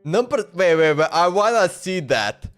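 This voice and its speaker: A man's voice: high voice, big pitch swings, moderate pace, faint music behind. A male streamer chatting casually on a live stream, talkative and laughing, in broken English.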